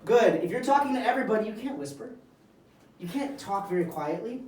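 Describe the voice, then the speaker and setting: A man's voice: high-pitched, brisk, darkish tone, slight background noise. A man teaching a classroom of young students, speaking in simple, emphatic phrases. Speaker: English teacher. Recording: echoey classroom from far off.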